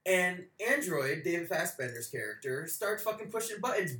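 A man in his forties co-hosting a podcast, telling a story in a profane, animated rant. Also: high-pitched, moderate pace, hardly any pauses, echoey room, a crowd in the background. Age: 40s. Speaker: podcast co-host. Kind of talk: casual chat.

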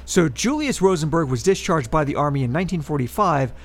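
Slightly high man presenting podcast history. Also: expressive, brisk. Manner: reads historical facts, then adds wry political asides. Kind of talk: casual podcast chat.

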